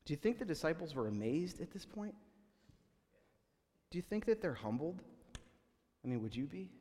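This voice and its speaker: A man's voice: on the high side, very animated, normal speed, warm tone, big-room sound. A man preaching a sermon as a pastor, conversational and full of restarts, acting out the people he quotes.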